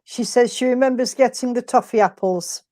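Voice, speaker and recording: Woman, service host, fairly high voice, mellow tone, welcoming. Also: normal speed. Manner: welcoming, brief relaying. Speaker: service leader relaying messages. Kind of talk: online service chat.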